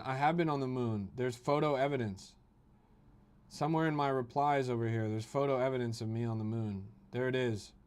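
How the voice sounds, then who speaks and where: A man's voice: medium pitch, clean tone. A young man hosting a crypto livestream, reading his chat aloud and mocking it with a profane, ranting manner.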